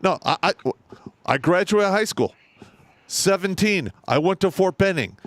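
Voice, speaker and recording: A man's voice: high-pitched, a little slow. A middle-aged man tells profane stories on a casual podcast. His voice rises and falls widely as he gets worked up. The sound is dry and close, with no room echo. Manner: profane, animated storytelling. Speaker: co-host.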